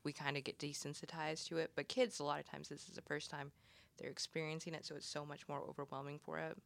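Flat, gravelly-voiced man offering advice. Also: fairly high pitch, quick pace. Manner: earnest advice on talking with kids. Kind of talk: roundtable discussion.

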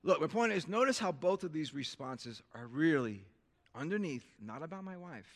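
A male pastor preaching a sermon, swinging from hushed tones to loud bursts and calling out for amens. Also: a little high, expressive, moderate pace. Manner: calls for amens from the crowd.

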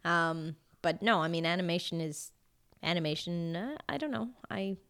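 Guest voice actress, female, somewhat low pitch, easygoing anecdotal chat with frequent fillers. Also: moderate pace. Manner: relaxed anecdotal storytelling, many fillers. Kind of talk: casual interview chat.

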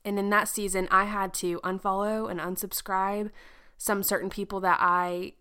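A woman's voice: medium pitch, flat delivery, normal speed, pushed and bright, clean tone. A young woman hosting a podcast in casual chat, chatty and laughing often, slipping into playful sound effects. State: pregnant. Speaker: podcast host.

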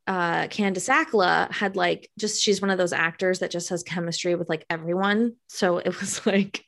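A woman co-hosting a podcast in relaxed conversation about a TV show. She talks in an easygoing way and fills her pauses with ums and likes. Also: fairly low pitch. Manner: chatty, uses many fillers. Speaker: podcast co-host. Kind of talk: casual chat about a TV show.

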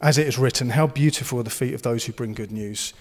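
A man's voice: mid-range voice, fast, a little mellow, long reverb tail. A man preaching a sermon, earnest and encouraging, and he slips into playful banter. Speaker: pastor.

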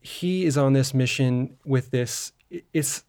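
A man's voice: medium pitch, unhurried, a little mellow. A man co-hosting a film podcast, recapping a movie in a rambling, casual way with lots of fillers and restarts. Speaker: podcast co-host.

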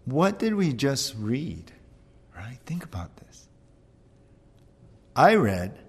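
A man preaching a conversational sermon, animated and often checking in with the listeners. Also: medium pitch, long reverb tail. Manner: conversational, animated, keeps asking "right?". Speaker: pastor.

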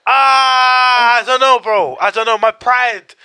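A man in casual podcast banter, excitable and slangy, repeating his points. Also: high-pitched, moderate pace, clean tone. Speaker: podcast co-host.

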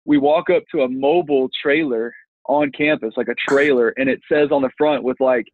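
A man, a football coach telling an animated story from his playing days in an interview, voicing the people in it as he goes. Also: medium pitch, normal speed, no echo. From Texas. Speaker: football coach, former college lineman. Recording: tinny phone-like line, dry.

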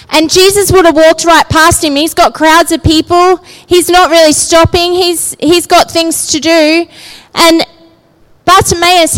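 A woman preaches with a very high voice, taking her time over her words. Her delivery is conversational, and she keeps checking in with the room as she goes. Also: a bit bright, low-quality recording. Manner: conversational, often checking in with the listeners. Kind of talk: sermon.

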